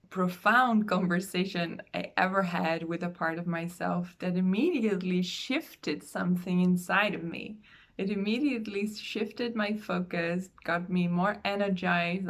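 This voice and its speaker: A woman, a soul coach, speaking in an earnest, gentle way in a heartfelt online talk. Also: medium pitch. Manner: earnest, gentle, slow with pauses.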